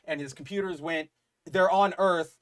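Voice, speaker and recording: A man co-hosting a podcast, excitedly retelling a story in a rambling, casual way full of fillers. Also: on the high side, moderate pace. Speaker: podcast co-host. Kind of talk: casual comic book chat.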